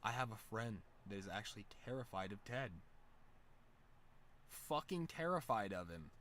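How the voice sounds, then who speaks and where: A man's voice: fairly low pitch, very animated, normal speed, fairly bright tone, a little hiss or hum. A man streaming from home, telling stories in a loose, profane, laid-back way. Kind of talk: casual storytelling chat.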